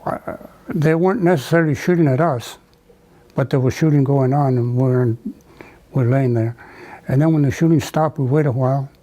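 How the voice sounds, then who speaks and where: An older man from the United States, telling a wartime memory in an oral history interview, halting with many fillers and restarts. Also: mid-range voice, warm tone, rough recording. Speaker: veteran interviewee.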